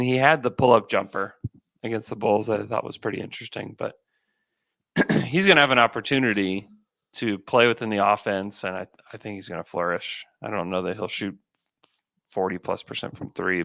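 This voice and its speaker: Man, podcast co-host, gravelly, bright, relaxed rambling chat. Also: on the low side, fairly quick, no echo. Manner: relaxed, thinks aloud with fillers and restarts. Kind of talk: casual basketball chat.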